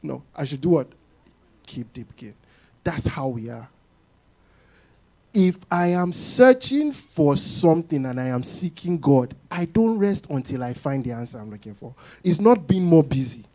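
A man preaching a sermon to a congregation in an animated way, often acting out what people say. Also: fairly high pitch, measured pace.

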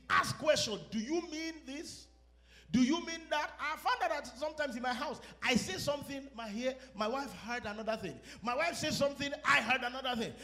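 Animated high-voiced pastor preaching. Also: male voice. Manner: animated, acts out quoted exchanges and laughs at his own stories. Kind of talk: sermon.

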